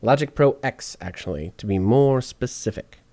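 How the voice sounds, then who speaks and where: A man walking through podcast audio editing out loud, chatty and joking to himself as he works. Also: medium pitch, animated, moderate pace, no echo. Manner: chatty, jokey asides while working. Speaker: podcast editor streaming his editing session. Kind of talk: casual on-screen tutorial talk.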